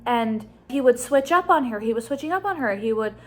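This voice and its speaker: A young woman tells a storytime vlog into her phone, her voice sitting a little high. She talks in a chatty, exasperated way and hurries through her phrases. She speaks first while walking outside at night, then from home. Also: expressive, brisk. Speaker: vlogger.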